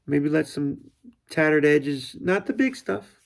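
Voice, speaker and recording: Gravelly rambling man musing aloud. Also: fairly high pitch, animated, slow. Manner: rambling, self-interrupting, quotes his own thoughts aloud. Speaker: vlogger. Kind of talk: casual reflective monologue.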